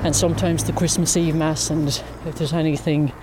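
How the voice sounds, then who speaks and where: Walking by a lake outdoors, an Irish wildlife photographer in her fifties chats as an interview guest in a casual conversation. Her Irish-accented voice sits low with a level tone, and the background is noisy. She tells stories in an easygoing, unhurried, talkative way.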